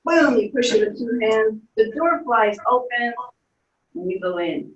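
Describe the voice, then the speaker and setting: A woman with a fairly high voice guides listeners through an imagined journey, soft and playful, now and then making little sound effects. She sits well back from the mic in a room that echoes around her. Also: expressive, measured pace, distant mic, lo-fi sound. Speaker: instructor leading a guided visualization. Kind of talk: guided imagination story for children.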